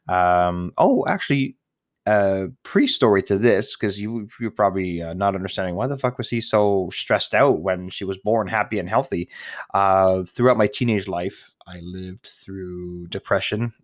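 Deep-voiced rambling young man, dry sound. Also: unhurried, no echo. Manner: rambling and candid, swears often, laughs at himself. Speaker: new father and vlogger. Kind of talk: casual personal monologue.

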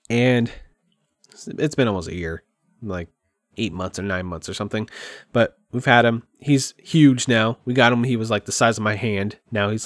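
A man's voice: fairly low pitch, fairly bright tone, no room sound, studio quality. A man talking candidly in a rambling, open and emotional way at home, as a podcast host. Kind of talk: candid personal monologue. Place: at home by his computer.

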